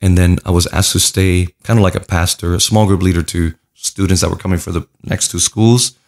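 A man's voice: low voice, steady tone, a little fast, a little mellow. A man from Puerto Rico, a pastor, telling his story earnestly in a casual interview. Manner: earnest, storytelling, lists things in runs.

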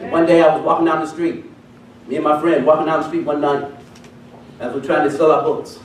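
A man's voice: a little high, little pitch movement, fairly quick, long pauses. A man preaching a testimony sermon, telling his story with animation and acting out the voices of the people in it. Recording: echoey hall, recorded from a distance.

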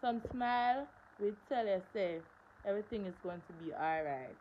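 A woman's voice: mid-range voice, animated, moderate pace, highs cut off, a little hiss or hum. A young woman, telling a story on her livestream in an emphatic way, repeating phrases for stress. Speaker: livestream host.

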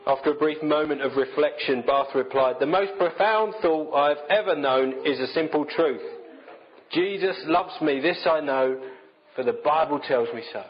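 Male preacher, fairly high voice, chatty self-mocking sermon delivery, muffled lo-fi recording. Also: moderate pace, slight background noise. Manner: conversational, self-deprecating storytelling.

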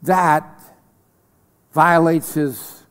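A man preaching a sermon as pastor, slow and deliberate, swinging between loud declarations and soft whispers. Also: on the high side, steady tone, big-room sound. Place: church sanctuary.

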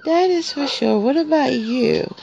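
Woman cooing at puppies in lively baby talk. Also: high-pitched, a little slow, creaky, slight background noise. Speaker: pet groomer showing newborn puppies. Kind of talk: casual vlog talk to animals. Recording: dull lo-fi recording.

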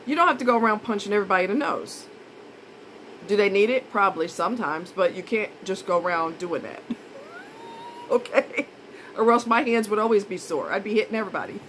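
A woman's voice: medium pitch, fairly quick, a bit bright, a little hiss or hum, low-quality recording. Blunt, indignant woman vlogger. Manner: blunt, indignant, repeats points for emphasis. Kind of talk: casual monologue to camera.

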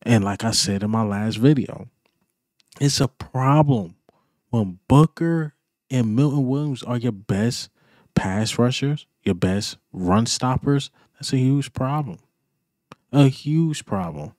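Slow-talking man ranting about football. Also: mid-range voice, expressive, darkish tone, dry recording, clean studio sound. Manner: emphatic, repetitive, frustrated slangy ranting. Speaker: sports fan vlogger. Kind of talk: sports reaction rant.

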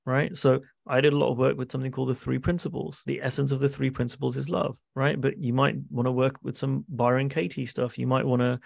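A man's voice: mid-range voice, level tone, quick pace, creaky, few pauses, no echo, studio quality. A man speaking as a business coach in a masterclass, earnest, acting out dialogue and often checking in with "right?". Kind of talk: masterclass talk on a video call.

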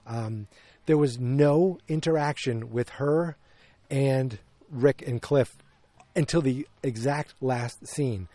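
A man's voice: medium pitch, slow pace, dark tone, dry recording. Rambling man reviewing a movie. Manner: rambling, self-correcting, opinionated. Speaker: podcast host. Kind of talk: casual movie review chat.

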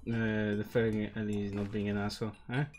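A man's voice: on the low side, monotone, brisk, a little mellow, soft background music. A man streaming a game live, chatting casually and rambling with lots of fillers and swearing. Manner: profane, rambling, with many fillers.

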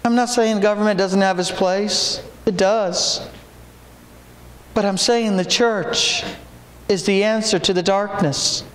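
A man preaching a sermon, folksy in his storytelling and breaking into shouted exhortations. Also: sits high, steady tone, slow, a little hiss or hum. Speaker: pastor. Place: church sanctuary. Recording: echoey church room.

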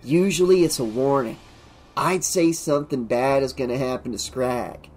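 In a darkish voice at normal speed, a man lightly acts out a strange young man. The character sounds darkly amused at first, then slips into low, sinister tones.

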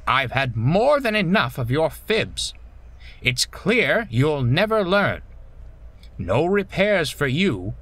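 Man doing a stern scolding boss, raised pitch, lively. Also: slow, no room sound, heavily acted. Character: stern male bus company owner, strict and angry.

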